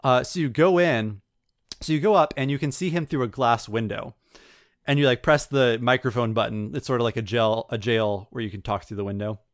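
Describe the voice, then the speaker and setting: A man co-hosting a gaming podcast, recounting a video game story in a rambling, animated way. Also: mid-range voice, brisk, dry recording, clean studio sound. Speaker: podcast co-host. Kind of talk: casual chat.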